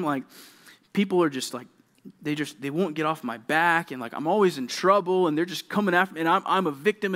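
A young adult man preaching a sermon to junior high students, animated, often acting out quoted kids and checking in with "right?" and "okay?". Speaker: youth pastor.

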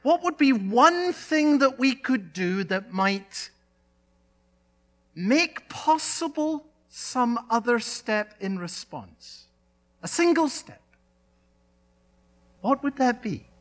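A male pastor delivering a sermon, speaking in emphatic phrases with dramatic pauses and repetition. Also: very high voice, sing-song.

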